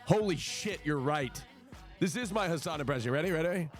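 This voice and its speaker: A man's voice: a little high, fairly quick, no echo, faint music behind. A man livestreaming in casual chat, swearing a lot and swinging into mock outrage, at his home stream setup. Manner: profane, excitable, mock-outraged.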